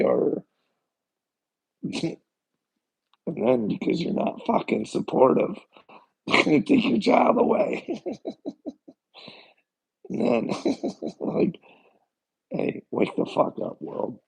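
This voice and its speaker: A man's voice: on the high side, vocal fry, a little mellow, husky, poor audio. A man ranting on a solo livestream, profane and mocking, laughing between phrases.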